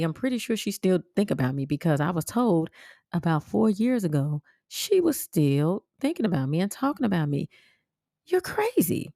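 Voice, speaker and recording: A woman, telling personal stories as a podcast host in a blunt, animated way, swearing freely and jumping into sharp high exclamations. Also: creaky, dry recording, clean studio sound. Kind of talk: casual storytelling monologue.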